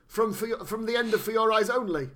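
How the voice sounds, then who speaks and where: A man co-hosting a casual, sweary chat, animated and fond of putting on mock voices. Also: high voice, quick pace. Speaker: podcast co-host.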